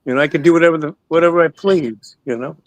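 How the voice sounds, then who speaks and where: A man's voice: a little high, fast, no echo, rough recording. A man in his sixties, a guest actor in a casual interview, telling stories in a rambling way, repeating words and swearing freely.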